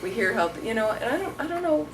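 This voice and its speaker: A woman's voice: on the high side, sing-song, fast talker. Storytelling woman teacher, distant and noisy. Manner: rambling, storytelling, acts out quotes. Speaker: Buddhist teacher answering questions. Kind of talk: casual dharma talk. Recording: distant mic, noisy room.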